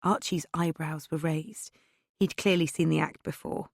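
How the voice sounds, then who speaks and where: Fields: Sex: woman. Role: audiobook narrator. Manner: wry, first-person. Pitch: lowish. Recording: dry, close. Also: fairly even intonation, normal speed, gravelly, no room sound.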